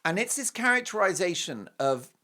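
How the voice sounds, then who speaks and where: A middle-aged man hosting a talk show, joking through an animated, self-mocking monologue that swings between loud bursts and hushed asides. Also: high voice, moderate pace. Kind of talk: comic monologue.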